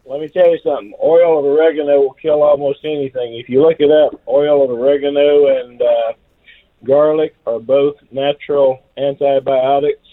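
A man's voice: medium pitch, steady tone, normal speed, no echo. A man from Texas calling in to a radio show, eager and repeating himself as he starts sentences. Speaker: caller. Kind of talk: call-in radio conversation. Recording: tinny phone line.

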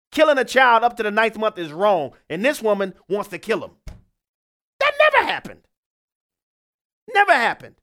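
A man's voice: high-pitched, bright, forceful tone. A man giving an impassioned political monologue, emphatic and fired up, repeating his points. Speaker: political commentator.

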